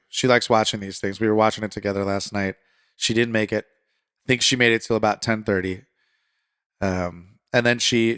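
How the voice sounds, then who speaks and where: A man's voice: on the low side, clear, resonant tone, dry recording. Dry-voiced man hosting a podcast. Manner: conversational, fired-up then calm reassurance. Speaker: podcast host. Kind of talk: political commentary podcast.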